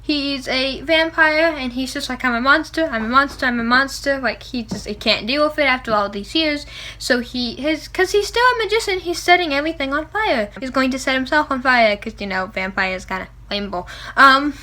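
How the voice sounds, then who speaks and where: A young woman with a high, bright voice gushes about a favorite book in a casual vlog. She talks in a breathless rush, packing in "like" and gasping with excitement. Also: normal speed. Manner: excitable, gasping and laughing, frequent "like". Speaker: book vlogger. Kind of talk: gushing book review vlog.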